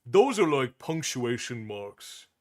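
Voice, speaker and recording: A man's voice: mid-range voice, very animated, slow pace. Rambling man chatting on a stream. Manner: rambling, many restarts and chuckles. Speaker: livestream host. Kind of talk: casual chat with viewers.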